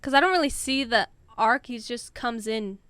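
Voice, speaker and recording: Woman, podcast co-host, smooth bright tone, chatty and casual. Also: fairly high pitch, normal speed, no echo. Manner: chatty, trails off with fillers. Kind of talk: casual chat.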